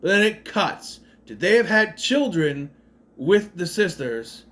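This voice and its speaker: A man's voice: sits high, sing-song, slow pace, a bit bright. A man giving a casual spoken movie recap, rambling and correcting himself, with sarcastic asides. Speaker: movie reviewer.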